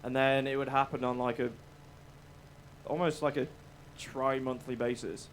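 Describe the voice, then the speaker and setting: A man's voice: mid-range voice, flat delivery, moderate pace, slight background noise. A male musician chatting as a guest about his songs, laid-back, rambling and a bit sweary. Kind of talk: casual interview chat.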